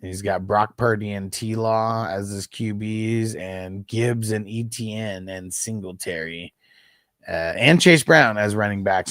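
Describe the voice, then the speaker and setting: A man's voice: on the low side, takes it slowly, a bit bright, no room sound, clean studio sound. A man in his thirties hosting a fantasy football livestream, chatting casually with viewers in a laid-back, slangy way, with frequent swearing and laughter.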